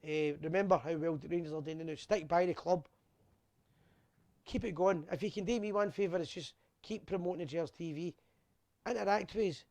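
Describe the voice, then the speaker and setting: Scottish man, gravelly, slightly high voice, tipsy, rambling live-stream chat, dry close sound. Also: normal speed, no room sound. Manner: chatty, rambling, shouts out viewers by name. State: a bit drunk. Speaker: host of a fan live show. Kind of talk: casual live-stream chat, reading out viewer messages.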